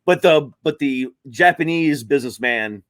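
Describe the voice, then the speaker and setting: A man's voice: medium pitch, lively intonation, normal speed. A man co-hosting a podcast in casual chat, a comedian talking in a laid-back, rambling way with lots of fillers.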